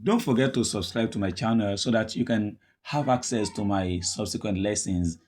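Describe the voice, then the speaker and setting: A man's voice: on the low side, moderate pace, darkish tone. A man teaching an English pronunciation lesson, repeating each word several times as a drill.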